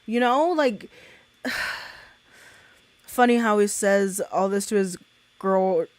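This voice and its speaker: A woman's voice: medium pitch, slow pace, no room sound. Female streamer, casual reaction chat, blunt and profane, cackling laugh, dry mic. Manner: blunt, swears freely, breaks into cackling laughs. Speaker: livestreamer.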